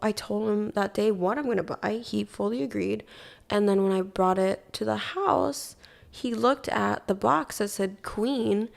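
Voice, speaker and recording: A woman from Hawaii tells a story as a podcast guest, talking in a chatty way with "like" in nearly every line and plenty of swearing. Her voice sits in a middle pitch with a gravelly vocal fry. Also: a little slow. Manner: chatty, heavy use of "like", swears often. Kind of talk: casual storytelling.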